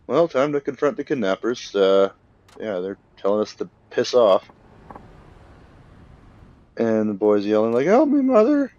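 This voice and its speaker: A man's voice: lowish voice, measured pace, pauses often, a little mellow, dull audio. Rambling young man narrating gameplay. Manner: rambling, filler-heavy, acts out characters' lines. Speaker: let's play commentator. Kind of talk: casual gameplay commentary.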